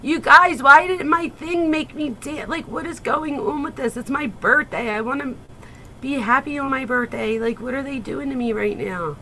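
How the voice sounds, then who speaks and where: A woman in her forties hosting a casual livestream, excitable and gushing, swearing freely as she chats with viewers. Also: a little high, gravelly, slight background noise, poor audio. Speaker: livestream host.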